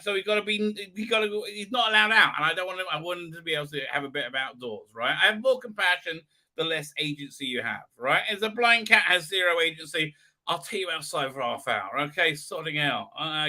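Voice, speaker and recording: A man's voice: a little high, pushed and bright. A man hosting a live stream, chatting casually in a rambling, sarcastic and self-mockingly grumpy way, swearing freely.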